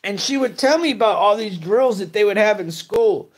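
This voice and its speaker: A man's voice: high voice, animated, moderate pace. A middle-aged man hosting a live news stream, ranting in profane slang and greeting chat viewers.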